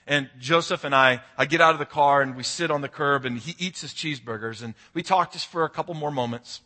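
A man preaching a sermon as pastor, telling a story earnestly and moving between hushed and emphatic passages. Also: fairly high pitch, fairly quick.

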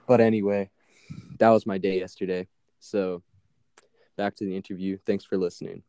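A man's voice: sits low, flat delivery, moderate pace, mellow, no room sound, studio quality. A young man casually telling a long, profane story as a podcast co-host, laughing now and then.

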